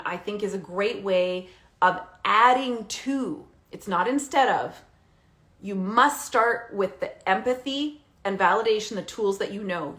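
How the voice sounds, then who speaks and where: A woman coaching parents directly, animated and emphatic, often checking in with a quick "okay?". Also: mid-range voice. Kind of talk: direct-to-camera coaching talk.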